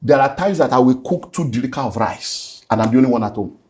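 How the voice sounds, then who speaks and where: A middle-aged Nigerian-accented pastor, appearing as a guest, gives an emotional and earnest personal testimony, slipping into Nigerian Pidgin. His medium-pitched voice is animated, fast and darkish in tone.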